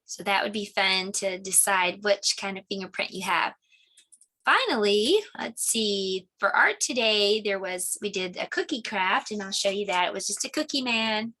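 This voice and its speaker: A woman presenting a children's lesson video, gentle and teacher-like. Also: medium pitch, moderate pace. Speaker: homeschool teacher.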